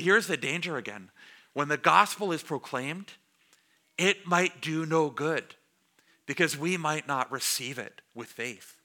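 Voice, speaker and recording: Bright-voiced pastor preaching conversationally. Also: male voice, a little high. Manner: conversational, jokes with the congregation. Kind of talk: sermon. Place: church before a congregation.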